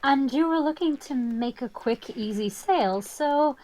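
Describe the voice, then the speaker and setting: A woman reading a quick-witted young woman. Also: high-pitched, lively intonation, over music, poor audio. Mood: brisk. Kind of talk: fan voice-over of game dialogue.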